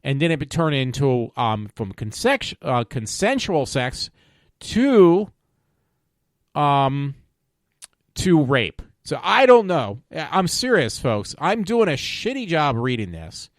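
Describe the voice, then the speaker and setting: A man's voice: on the high side, big pitch swings, takes it slowly, no echo, studio quality. A man hosting his own show, reading news stories aloud and commenting on them, stumbling over words and swearing along the way. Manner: profane and opinionated. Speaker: podcast host.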